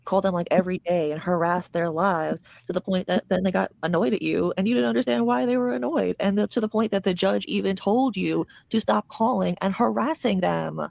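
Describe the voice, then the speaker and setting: Woman with a very gravelly, creaky voice. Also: medium pitch, fairly quick, hardly any pauses, darkish tone, no echo. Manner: mocking, blunt, heavy swearing. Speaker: commentary host. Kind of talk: commentary on online drama.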